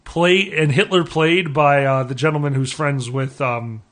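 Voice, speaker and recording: Brash, high-voiced comic man. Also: fairly even intonation, unhurried, fairly bright tone. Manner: brash, crude, laughing riffs. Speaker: podcast co-host. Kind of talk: crude comedic banter.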